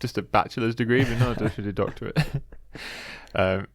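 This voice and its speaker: A man's voice: lowish voice, steady tone, moderate pace, vocal fry, no room sound, studio quality. A young man hosting a casual podcast quiz, chatty and teasing, laughing often as he reads the questions out. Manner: chatty, giggly, teasing quizmaster. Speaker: podcast co-host running a quiz.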